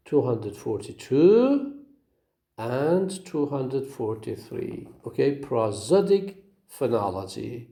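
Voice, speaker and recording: A man teaching phonetics in a recorded lecture, explaining slowly and repeating himself, often checking in with "okay?". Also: mid-range voice, sing-song, mellow, echoey room. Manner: slow, repetitive explaining with frequent "okay?" checks.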